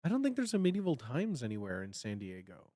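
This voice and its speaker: A streamer in their thirties from the Chicago area, chatting casually at home in a rambling way with sudden excited bursts. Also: fast talker, dry recording, studio quality. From Chicago area, United States. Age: 30s. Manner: animated, with sudden high bursts when acting out cheering; rambling, many fillers and restarts. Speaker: livestream host. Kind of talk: casual livestream chat.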